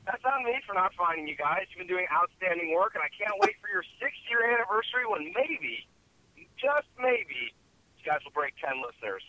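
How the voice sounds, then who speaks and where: A man's voice: high-pitched, very animated, brisk, bright, forceful tone. A man with a Chicago accent leaving a teasing congratulatory voicemail for a podcast. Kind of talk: recorded voicemail message. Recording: muffled phone-line voicemail.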